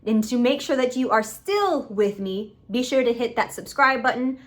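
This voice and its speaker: Hosting a reaction video from home, a young woman from Puerto Rico speaks at a normal speed with lively intonation and a voice on the high side. She's emphatic and casual, cursing openly into her stand-mounted camera.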